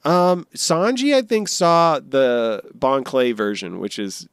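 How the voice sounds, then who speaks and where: Podcast co-host, man, smooth resonant voice, playful and rambling, dry close sound. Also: mid-range voice, takes it slowly, dry recording. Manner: jokey, rambling, bursts into silly honking bits. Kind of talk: casual chat.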